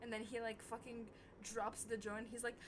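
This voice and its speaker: A young woman vlogger telling a story casually to camera, swearing often and getting loud when worked up. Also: normal speed, background noise. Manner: animated, swears a lot, voice jumps high when worked up.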